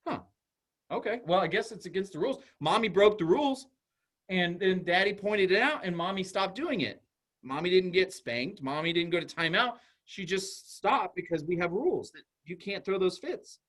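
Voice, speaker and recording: A man's voice: high-pitched, animated, normal speed, a bit bright. A man, a school psychologist, giving an informal, conversational talk to parents and acting out little dialogues as he goes.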